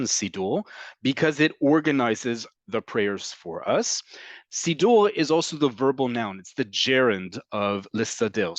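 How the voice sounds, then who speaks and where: A man's voice: medium pitch, no echo. A man teaching Hebrew vocabulary in an online class, explaining patiently with fillers and frequent "okay?" checks. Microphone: computer mic on a video call.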